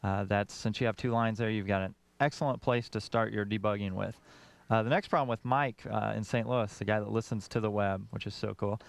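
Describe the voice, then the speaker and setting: A man's voice: lowish voice, steady tone, fairly quick, vocal fry. Man explaining tech on a talk show. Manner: explanatory, laughs easily. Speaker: tech expert co-host.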